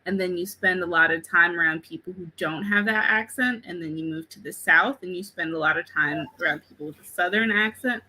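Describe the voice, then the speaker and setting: A woman's voice: lowish voice, brisk, hardly any pauses, sharp tone, slight background noise, poor audio. A woman co-hosting a casual live writing stream from home, talking in a friendly, thoughtful way about a story and about accents. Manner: friendly, thoughtful, acts out character lines. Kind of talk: casual chat.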